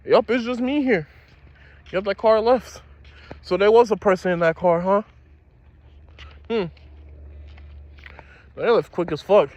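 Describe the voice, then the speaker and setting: A man's voice: high-pitched, unhurried, long pauses, a little mellow. A young man telling a story from his school days in a casual, slangy, profane way, speaking outdoors.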